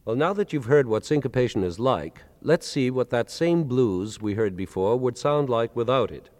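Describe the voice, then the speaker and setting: A man lectures with a lively, rising-and-falling delivery, explaining ideas and counting beats out loud with emphatic accents. His mid-pitched voice rings with a long hall reverb. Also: normal speed. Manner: articulate, counts beats aloud with strong accents. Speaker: lecturer presenting with a band. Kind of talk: explanatory lecture with spoken demonstrations.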